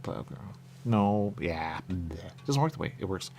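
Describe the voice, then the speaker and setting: A man's voice: low voice, lively intonation, normal speed, gravelly, darkish tone, faint music behind. A man rambling and joking in loose banter as a radio show host, repeating catchphrases. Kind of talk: loose banter among co-hosts.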